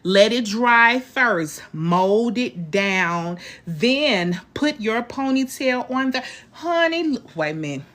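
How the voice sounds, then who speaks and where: A woman hosting a casual live-stream hair tutorial, pitching a ponytail in a chatty, animated way and calling her viewers "girl" and "y'all.". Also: takes it slowly, few pauses.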